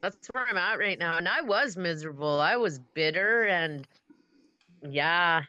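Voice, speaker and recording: Woman, podcast guest, hesitant and reflective, smooth clear voice, dull lo-fi sound. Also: fairly low pitch, lively intonation, measured pace, bright, forceful tone, no echo. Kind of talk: casual recovery podcast chat. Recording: dull lo-fi call audio.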